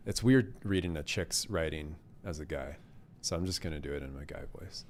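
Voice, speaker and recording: A man's voice: rumbling low, moderate pace, long pauses, slight background noise. A man streaming a game live, chatting casually and cheerfully thanking donors, a bit congested. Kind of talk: casual live gameplay commentary.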